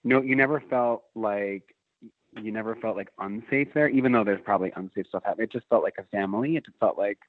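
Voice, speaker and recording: A man's voice: fairly low pitch, quick pace, no room sound. Rambling man on a tinny line. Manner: rambling, many restarts and "like". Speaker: guest. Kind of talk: casual storytelling chat. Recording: tinny phone-line sound.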